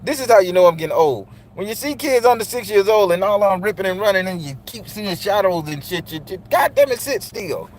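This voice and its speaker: Here a middle-aged host speaks directly to the men watching his channel, preaching bluntly and profanely in a casual monologue. His voice is high and quick, with few pauses. A slight hiss or hum runs under the recording.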